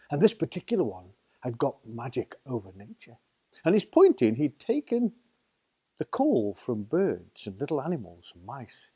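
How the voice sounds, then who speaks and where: A man's voice: medium pitch, mellow, slightly rough. A man with a Staffordshire accent telling a children's story in a playful, theatrical way. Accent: Staffordshire English. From England. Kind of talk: oral storytelling.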